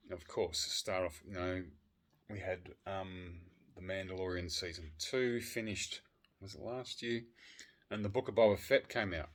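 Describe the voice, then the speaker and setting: A man chatting casually on a vlog, excitable and profane, swinging between loud outbursts and low muttering. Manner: swears freely. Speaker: vlogger. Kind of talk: casual chat.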